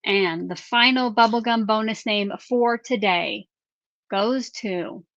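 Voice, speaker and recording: A chatty woman co-hosts a crafting livestream and announces giveaway winners with drawn-out, teasing reveals. Her voice sits in a middling pitch. The audio is dry and a little muffled, like a typical stream mic. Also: a bit bright, dry recording. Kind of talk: casual livestream chat and giveaway draw.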